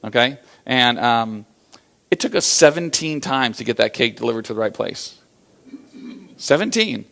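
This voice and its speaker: A man's voice: mid-range voice, moderate pace, creaky. An American man giving a motivational business talk, telling stories with lots of fillers and acting out the quotes. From USA. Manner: animated storyteller acting out quotes, many fillers. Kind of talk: storytelling keynote talk.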